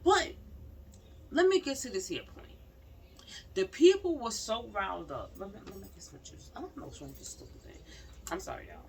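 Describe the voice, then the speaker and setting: A woman vlogger comments on the news in a mid-range, creaky voice, very animated and brisk. She speaks casually and straight to her viewers, emphatic and repeating her points. The mic is slightly distant, with faint background noise.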